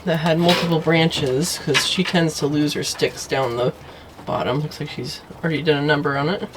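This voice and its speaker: A woman's voice: low-pitched, fairly even intonation, normal speed, background noise. A woman giving a casual walkthrough of her garden and animals, chatting as she goes and talking sweetly to her pets. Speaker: homesteading vlogger. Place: outdoor yard and garden.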